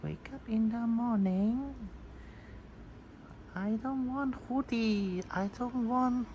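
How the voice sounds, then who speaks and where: A woman's voice: medium pitch, big pitch swings, very slow, highs cut off, a little hiss or hum, pitched above the performer's own voice. A woman voicing her pet cat as a whiny, childlike animal demanding its freedom. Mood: whiny defiant.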